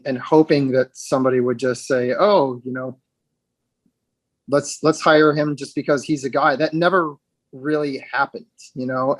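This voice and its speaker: A man speaking as an interview guest, reflective and halting, with frequent restarts and fillers. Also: medium pitch, fairly bright tone, no echo. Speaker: guest, actor with dwarfism.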